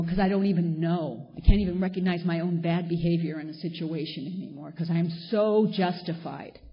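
A middle-aged woman sharing her own story at a support meeting, blunt and emphatic, hammering points home by repeating them. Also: lowish voice. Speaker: speaker at a recovery meeting. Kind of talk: personal share at a support meeting. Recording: dull lo-fi recording.

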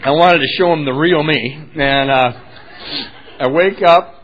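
Man telling his story, slightly high voice. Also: a little slow, lo-fi sound. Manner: candid and self-deprecating, with wry humor. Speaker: speaker sharing his recovery story. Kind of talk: personal storytelling talk.

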